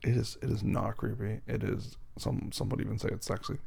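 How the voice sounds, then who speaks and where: A tired man in a whispered role-play as a husband and father, talking softly and affectionately to his partner at bedtime. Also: lowish voice, fairly even intonation, a little fast, vocal fry, slightly rough. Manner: soft, sleepy and affectionate, calls the listener baby.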